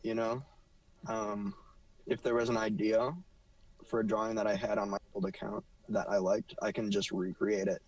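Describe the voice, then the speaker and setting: A man's voice: lowish voice, flat delivery, no echo. Chatty joking man, slightly distant mic. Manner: chatty, joking, quick asides. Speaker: podcast co-host. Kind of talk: casual chat. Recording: voice a bit far from the mic.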